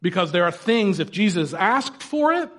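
A man's voice: sits high, very animated, normal speed, a bit bright. A man, a pastor, giving a casual, joking sermon and acting out people's reactions. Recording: long hall reverb.

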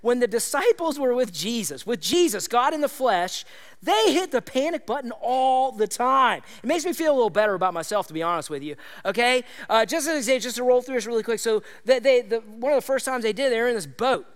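A man with a high voice preaches in a conversational, animated way. He acts out quoted lines with vivid voices and keeps checking in with the congregation. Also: fairly quick. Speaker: pastor. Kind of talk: sermon.

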